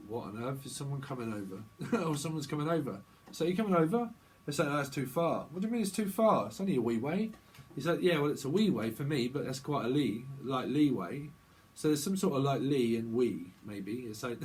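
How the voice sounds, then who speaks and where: A man's voice: mid-range voice, lively intonation, moderate pace, darkish tone, slightly rough, low-quality recording. A man hosting a tarot channel, rambling through channeled messages in playful, free-associating wordplay and laughing often.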